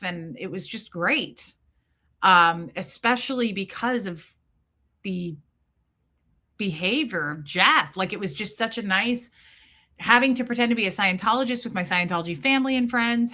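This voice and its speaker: A woman's voice: medium pitch, bright, forceful tone. A woman in her forties hosting a casual chat with viewers, telling a personal story with candid, emotional swearing. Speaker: livestream host.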